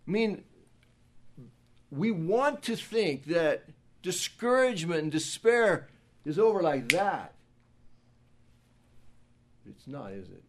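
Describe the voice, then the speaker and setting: A pastor preaching a sermon, who moves between hushed, quiet passages and loud, emphatic ones. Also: male voice, a little high, very animated, slow pace, long pauses, slight background noise.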